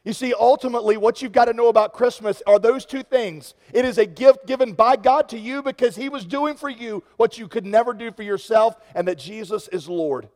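A pastor with a very high-pitched, slightly mellow voice preaches briskly with few pauses. He tells a story conversationally, building to impassioned peaks, and a large hall's long reverb surrounds him.

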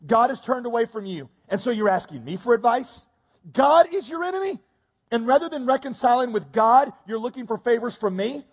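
Stern old prophet ghost, a husky preacher doing him, scolding and incredulous, long hall echo. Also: male voice, extremely high pitch, brisk, hardly any pauses. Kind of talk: sermon.

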